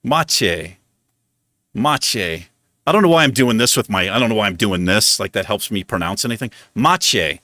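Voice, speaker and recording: A man hosting a livestream talks quickly with few pauses in a fairly low voice, recorded at studio quality with no room sound. In his casual chat he's animated, mocks himself, and laughs often as he stumbles over pronunciations.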